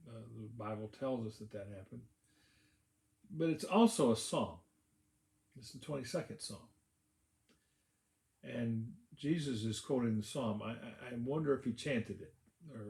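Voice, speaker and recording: A man preaching a sermon as a pastor, in a conversational way with many pauses and restarts. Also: mid-range voice, vocal fry, darkish tone, roomy sound. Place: church sanctuary.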